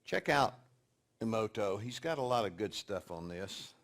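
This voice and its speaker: A man giving a sermon-style teaching to an audience, telling stories and moving between quiet, hushed passages and loud, emphatic points. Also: on the low side, animated, moderate pace. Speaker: speaker teaching a session.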